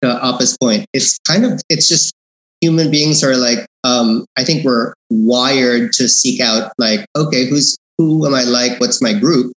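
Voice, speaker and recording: Guy thinking out loud, kinda hesitant, echoey room. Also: medium pitch, unhurried. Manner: hesitant, reflective, many restarts. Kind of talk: casual chat.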